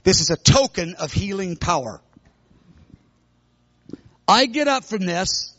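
A middle-aged man preaching, telling a personal story with sudden loud outbursts. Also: high-pitched, takes it slowly, dry recording, lo-fi sound. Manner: animated, bursts into loud shouts when retelling. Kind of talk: sermon testimony storytelling.

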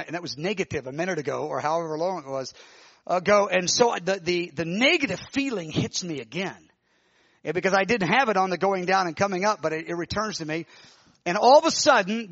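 A man preaching, telling a vision in an animated, emotional way with many restarts. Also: high-pitched, no echo, dull audio. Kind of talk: sermon testimony, telling a vision.

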